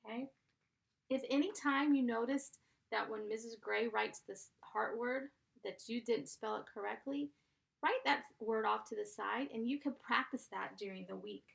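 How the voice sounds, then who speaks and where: A woman's voice: on the high side, normal speed, creaky. A woman teaching a first grade class, dictating sentences and patiently sounding out letters and blends.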